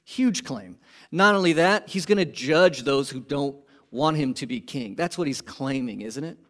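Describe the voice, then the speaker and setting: A man preaching a sermon to his congregation, animated and conversational, asking rhetorical questions and swinging from emphatic peaks to quiet lows. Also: normal speed. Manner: animated, rising to emphatic peaks then dropping low. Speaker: pastor.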